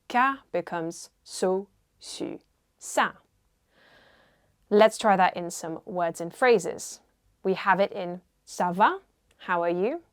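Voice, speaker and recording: A woman teaching a beginner French lesson, carefully modelling pronunciation and repeating words for learners. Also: medium pitch. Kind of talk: language lesson.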